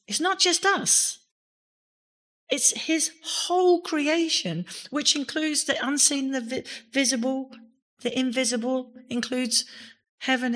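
A woman's voice: on the high side, fairly bright tone. A woman pastor giving a sermon in a church, speaking with emphasis and rising to exclamations on key words.

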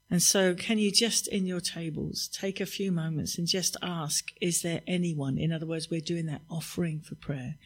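Higher-voiced pastor leading prayer. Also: male voice. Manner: gentle, encouraging, guiding the congregation into prayer. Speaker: pastor leading a healing service. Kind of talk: sermon.

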